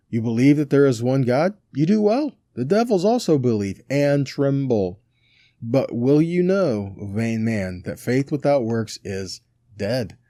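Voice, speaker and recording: Mellow-voiced man teaching scripture. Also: medium pitch, no room sound, clean studio sound. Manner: checks in with rhetorical questions, reads scripture aloud. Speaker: Bible teacher. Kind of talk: conversational Bible teaching.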